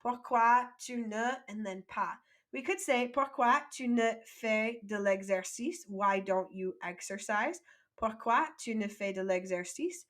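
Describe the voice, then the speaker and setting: A woman teaching a French vocabulary lesson, saying each phrase slowly for learners to repeat, then explaining it quickly in English and praising them. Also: medium pitch, fairly bright tone. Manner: encouraging, prompts repetition.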